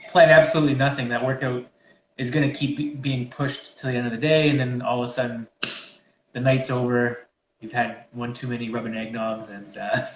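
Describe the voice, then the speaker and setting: A man's voice: mid-range voice, flat delivery, a little fast, roomy sound, a little hiss or hum, poor audio. A man co-hosting a fitness chat, giving casual advice in a rambling way with many fillers and restarts, over a video call. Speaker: fitness trainer co-host.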